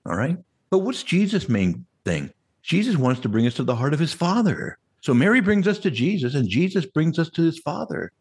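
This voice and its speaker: Husky, animated male priest preaching. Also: a little high, normal speed. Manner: animated, conversational preaching with rhetorical questions. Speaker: Catholic priest. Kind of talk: sermon.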